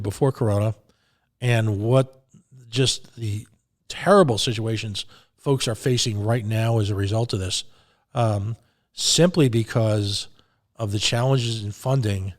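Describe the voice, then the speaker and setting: A man hosting live talk radio, sarcastic and halting, often stumbling over and repeating his words. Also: lowish voice, a little mellow.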